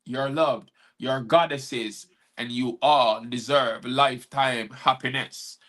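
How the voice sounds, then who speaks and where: A man's voice: medium pitch, fairly even intonation, slow, a bit bright. A man hosting a live-stream chat who performs his spoken-word poetry in a rhythmic delivery. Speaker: host and poet.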